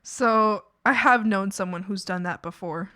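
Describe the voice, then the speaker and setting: A woman streaming while she works on art, telling stories in a casual, animated way, acting out quotes and laughing often. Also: medium pitch, unhurried, dry recording, clean studio sound. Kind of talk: casual chat while drawing.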